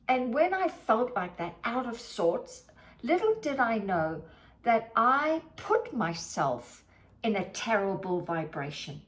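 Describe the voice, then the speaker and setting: A middle-aged woman giving a motivational video talk, animated and expressive, sometimes acting out her own past thoughts. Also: fairly high pitch. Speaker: motivational speaker.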